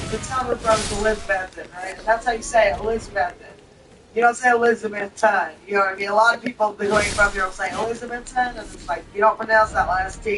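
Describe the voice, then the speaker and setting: A woman's voice: a little high, a bit bright, distant mic, rough recording. A woman in her thirties with a Southern US twang, chatting casually and bluntly while playing a game, laughing often. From southern United States. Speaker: gaming streamer.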